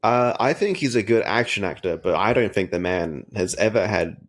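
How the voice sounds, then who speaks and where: A man's voice: lowish voice, animated, moderate pace. A man co-hosting a film podcast, chatting in a giggly, rambling way. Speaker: podcast co-host. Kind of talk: casual podcast chat.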